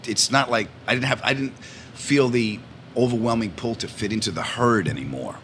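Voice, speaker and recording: A man's voice: mid-range voice, moderate pace, a little hiss or hum. A man chatting as a guest, telling family stories with energy and putting on the voices of the people in them. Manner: animated storyteller, acts out family voices. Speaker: comedian guest. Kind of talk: casual chat, storytelling.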